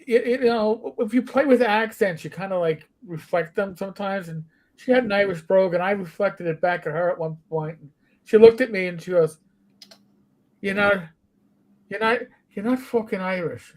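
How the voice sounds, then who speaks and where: Former cop telling lively anecdotes. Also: male voice, high-pitched, brisk. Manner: anecdotal, animated storyteller. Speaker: former police officer, chat guest. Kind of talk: casual chat.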